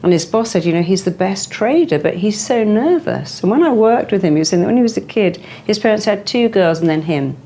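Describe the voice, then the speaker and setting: A middle-aged woman psychotherapist talking in an interview, emphatic and animated, often acting out the voices of clients and the inner critic. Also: mid-range voice, brisk, few pauses, a little hiss or hum. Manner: animated, acts out quoted voices and inner thoughts; emphatic, stresses strong words. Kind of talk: interview conversation.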